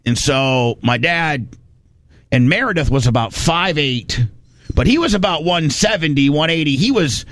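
Man, fairly high voice, rambling folksy storyteller, dry close mic. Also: expressive, moderate pace, fairly bright tone, no room sound. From Indiana. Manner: rambling, folksy, restarts often. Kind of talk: casual storytelling.

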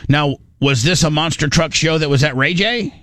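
This radio show host banters casually, a rambling storyteller who keeps restarting and tossing in animated asides. He speaks at a moderate pace in a voice on the high side, and the recording is dry.

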